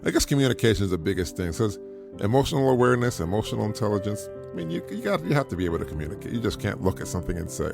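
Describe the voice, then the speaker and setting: Middle-aged male podcast host, low gravelly voice, earnest and repetitive, faint music bed. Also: sing-song, rapid-fire. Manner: earnest, repetitive, chuckles at his own points. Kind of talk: casual advice monologue.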